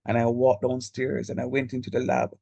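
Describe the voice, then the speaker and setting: A man's voice: medium pitch, completely flat delivery, a little fast, gravelly, warm tone, dry recording. A man with a Jamaican accent teaching an online math class, talking to students in a direct, chatty way over a video call. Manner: direct, chatty, code-switches into local speech. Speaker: lecturer.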